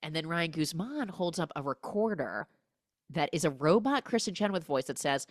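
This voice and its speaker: A woman hosting a podcast, recapping a film with comic energy and acting out the characters' lines in quick voices. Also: sits low, expressive, no echo, studio quality. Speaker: podcast host.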